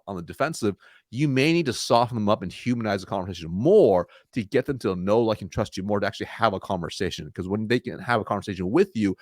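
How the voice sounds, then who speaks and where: A man with a fairly low voice talks about selling on a podcast, his pitch swinging widely as he acts out little sales exchanges. The sound is close and dry, with no room around it. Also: no room sound. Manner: energetic, acts out sales dialogue in quick asides. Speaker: sales trainer, podcast guest. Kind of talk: conversational interview.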